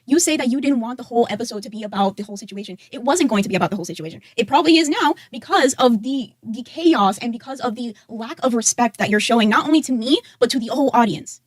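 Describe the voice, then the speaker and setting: A woman's voice: on the high side, lively intonation, quick pace, few pauses, no room sound, clean studio sound. A woman co-hosting a live stream, bluntly scolding her co-host and swearing freely. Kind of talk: heated on-air confrontation.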